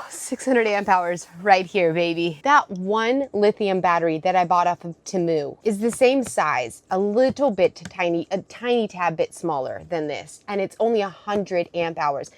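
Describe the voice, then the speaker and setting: A Californian vlogger living out of her vehicle talks casually to the camera in and around her truck outdoors, with a little hiss or hum in the audio. Her mid-range voice is expressive at normal speed, and she's chatty and emotional, laughing and gasping often.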